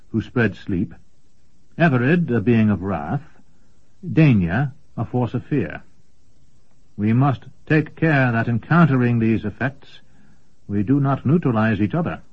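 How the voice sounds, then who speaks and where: Man doing a bossy old sorcerer, curt, loud-ish, husky, muffled lo-fi. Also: medium pitch, animated, unhurried. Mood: commanding. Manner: curt, commanding, raised voice. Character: haughty, commanding older male sorcerer. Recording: dull lo-fi recording.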